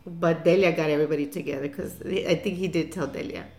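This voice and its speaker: A woman's voice: deep voice, fairly even intonation, fast. A woman in her fifties candidly recounting a family story in an interview, laughing often and restarting sentences. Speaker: mother telling family story. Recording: echoey room with soft guitar music.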